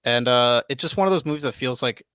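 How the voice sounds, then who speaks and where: A young man co-hosting a podcast, chatting loosely and excitedly, swearing freely and filling with "like" and "dude". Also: mid-range voice, fast talker, smooth, dry recording. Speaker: podcast co-host. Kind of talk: casual chat. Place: home studio, live stream.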